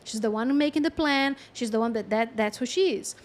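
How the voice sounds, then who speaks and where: Woman, high pitch, casual animated storytelling, frequent laughter, filler-heavy. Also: fairly quick. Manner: animated, chatty, laughs often, many fillers. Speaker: channeler.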